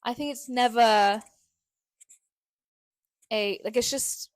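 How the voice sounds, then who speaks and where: A young woman co-hosts a casual podcast, playful and quick to giggle. Her voice sits a little high and she rambles through her thoughts. The sound is close and dry, from a podcast mic at home. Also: dry recording. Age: young adult. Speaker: podcast co-host. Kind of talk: casual chat. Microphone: new podcast microphone.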